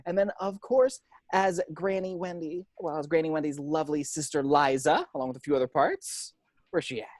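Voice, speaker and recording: A man's voice: fairly high pitch, brisk, no room sound, studio quality. A man casually hosting a table read over a video call, chatty and laughing as he introduces the cast. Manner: chatty, laughing, apologetic asides.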